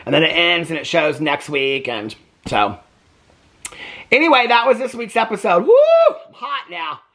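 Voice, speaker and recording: A man casually recapping a reality TV episode for his vlog, chatty and animated, acting out the quoted lines as he goes. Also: fairly high pitch, normal speed, creaky. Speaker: TV reaction vlogger.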